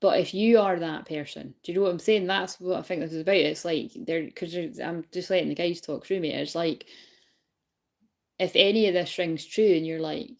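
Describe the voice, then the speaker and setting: A woman talks through a spiritual reading in a loose, rambling way, with a voice sitting a little low. She drops swear words freely and laughs often. She keeps checking in with her listeners to ask if they know what she means. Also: normal speed, vocal fry. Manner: laughs often while talking. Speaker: spiritual reader. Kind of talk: casual spiritual reading to viewers.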